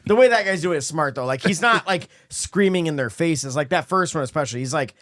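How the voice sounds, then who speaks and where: A middle-aged man spinning a rowdy story on a friends' podcast, swearing freely and breaking into laughter. His voice sits high for a man and swings widely in pitch, with a bright, forceful edge. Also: animated, fast. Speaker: podcast co-host. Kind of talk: casual banter among friends.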